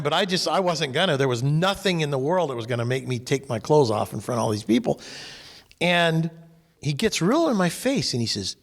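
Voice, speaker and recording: A man's voice: a little high, brisk, big-room sound. A man from California tells a personal story while leading a faith discussion group, acting out the people in it. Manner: animated, acts out quoted people.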